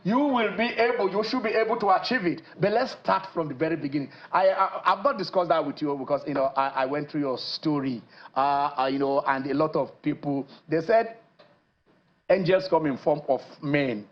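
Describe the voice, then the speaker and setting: A man from Nigeria hosting a TV sports show, lively and rambling, with lots of fillers and restarts. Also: fairly high pitch, a little fast, muffled recording. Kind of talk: TV sports show chat and interview. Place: TV studio.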